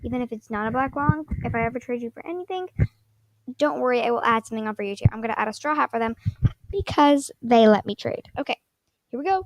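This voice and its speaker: Excitable high-voiced woman gamer, dry close mic at home. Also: fast talker, no echo. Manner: excitable, shrieks and gasps, rambling. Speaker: gaming vlogger. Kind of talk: casual gameplay commentary. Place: at home at night. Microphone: microphone on a stand.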